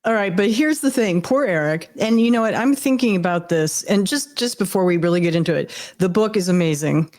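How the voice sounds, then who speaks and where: A woman co-hosting a podcast, chatty and quick to laugh as she praises a guest. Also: on the low side, darkish tone. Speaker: guest co-host. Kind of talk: casual interview chat.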